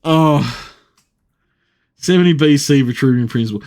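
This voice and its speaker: A man's voice: mid-range voice, a little slow, a little mellow. A man streaming live, ranting and swearing with frequent laughter as he comments. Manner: profane, ranting, laughing often.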